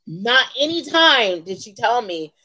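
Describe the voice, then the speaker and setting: A woman in her forties who hosts a beauty channel tells a heated venting storytime in her vlog, emphatically repeating lines for effect. Her voice is a little high, pushed and bright, with big pitch swings and an unhurried pace, in a low-quality recording.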